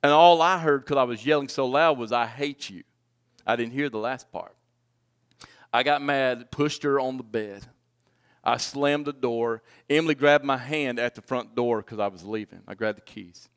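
A man in his forties preaching a personal testimony, swinging from loud pleading to hushed, low confession. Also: normal speed. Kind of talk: sermon testimony.

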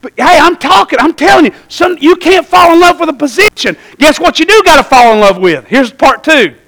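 A middle-aged man preaching a sermon, telling lively stories and calling out "Amen?" to the congregation. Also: very high-pitched, brisk, gravelly, rough recording. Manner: animated storytelling, calls out "Amen?" to the congregation. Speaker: pastor.

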